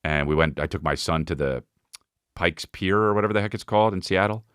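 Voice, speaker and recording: A low-pitched man talks on his own podcast in a loose, rambling comic monologue, often stopping to mimic voices and noises. He swears freely. The recording is close and dry, with no room sound. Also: brisk, fairly bright tone, clean tone, dry recording. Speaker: podcast host. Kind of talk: casual comedic monologue.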